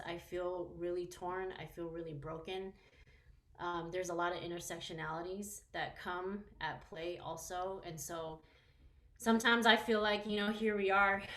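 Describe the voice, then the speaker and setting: Chinese american woman talking from the heart, lowish voice, roomy echo. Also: fairly bright tone. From United States. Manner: earnest, emotional, many "um"s. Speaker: panel guest. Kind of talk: emotional public conversation.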